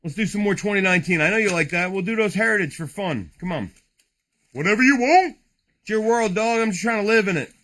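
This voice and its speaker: Rowdy male card-break host, high and lively, bright voice, jokey rambling patter with cursing. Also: fast talker, hardly any pauses. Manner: loud, joking, rambling, swears often. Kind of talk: casual livestream card break.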